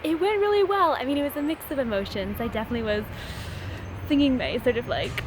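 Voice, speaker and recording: A woman's voice: on the high side, fast talker. Chatty woman with street noise behind. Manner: chatty, laughs often, acts out quoted lines. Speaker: short story writer. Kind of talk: casual vlog storytelling.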